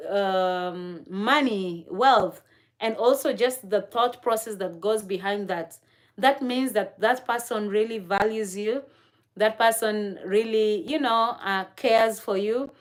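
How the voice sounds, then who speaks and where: A woman hosting a casual livestream chat, talking straight to her viewers, laughing often and filling pauses with "uh" and "um". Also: medium pitch. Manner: chatty, laughs often, many fillers; talks to chat viewers directly. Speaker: livestream host.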